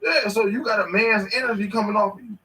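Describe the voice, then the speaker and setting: A man in his thirties telling stories in casual chat, animated and swearing freely. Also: sits high, quick pace, distant mic. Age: 30s. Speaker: podcast host. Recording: echoey room, away from the mic.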